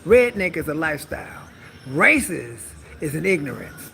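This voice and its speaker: A woman's voice: sits low, sing-song, normal speed, gravelly, fairly bright tone, slight background noise. A woman giving a sassy, bawdy comedy monologue on a live stream, calling listeners honey.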